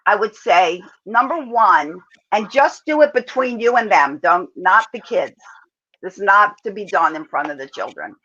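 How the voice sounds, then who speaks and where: Calm woman coach, bright lo-fi voice. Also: medium pitch, slightly rough. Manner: calm, measured advice-giving. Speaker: parenting coach answering viewer questions. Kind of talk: online webinar talk. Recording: dull lo-fi audio.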